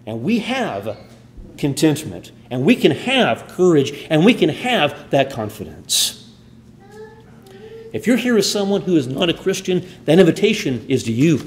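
A man preaching a sermon in a church, earnest, building emphasis then falling to quiet endings. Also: fairly high pitch, very animated, a little slow, a little hiss or hum.

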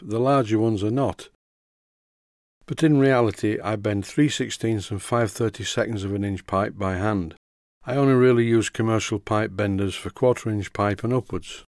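A man's voice: lowish voice, moderate pace, darkish tone, no room sound. A man with a Yorkshire accent giving a methodical, step-by-step model engineering tutorial as a voice-over, with a dry sense of humour. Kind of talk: instructional voice-over.

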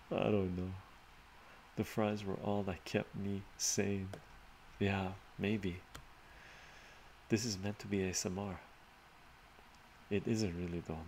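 Deep-voiced man in a rambling stream Q&A. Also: creaky. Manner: rambling, reads out and answers viewer chat. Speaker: live stream host. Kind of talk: casual live stream Q&A. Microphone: laptop mic. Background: laptop fan hum.

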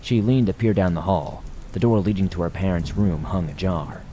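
A man narrates a horror story at a measured, hushed pace, with a very low, dark and mellow voice. Faint rain patters softly behind him. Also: a little hiss or hum.

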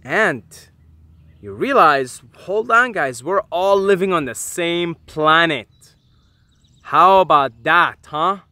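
A young man talking casually to camera about feeling connected to the earth, animated and swearing often, thinking aloud with many restarts and fillers. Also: on the high side, slow, no echo. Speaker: vlogger. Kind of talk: casual spiritual monologue.

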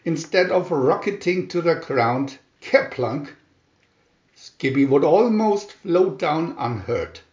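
A man reading a children's storybook aloud in a lively storytelling manner. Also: a little high, slow. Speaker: storybook reader. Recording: roomy, dull lo-fi home recording.

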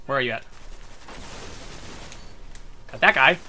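A man's voice: medium pitch, expressive, takes it slowly, pushed and bright. A man hosting a gaming channel, giving casual gameplay commentary full of swearing and irritable rants.

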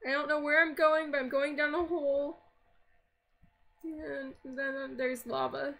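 Woman gamer doing let's-play commentary; high, bright voice, unhurried, chatty self-talk that jumps between grumbling and jumpy alarm. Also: little pitch movement, gravelly. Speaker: gaming video creator.

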